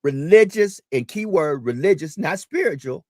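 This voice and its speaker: A man's voice: a little high, expressive, normal speed, dry recording, studio quality. A man hosting a community talk radio show, speaking in an emphatic, preacherly way and repeating his key points.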